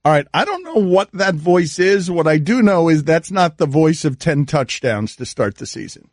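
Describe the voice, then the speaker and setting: A man's voice: on the high side, sing-song, no room sound. A male sports radio host speaks in a slightly raised voice close to a dry studio mic. He needles his producer with incredulous questions. He stumbles and restarts his sentences as he goes. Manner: incredulous, teasing, halting restarts.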